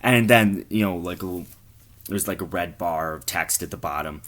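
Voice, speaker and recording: A man's voice: low voice, moderate pace, fairly bright tone. A man telling a rambling, profane comic story in a casual way. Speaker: comedian.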